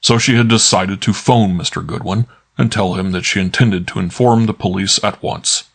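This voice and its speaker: A man's voice: on the low side, steady tone, moderate pace, fairly bright tone. A man voicing an authoritative older male detective in an audiobook, formal and precise. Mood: commanding. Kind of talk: audiobook character voice.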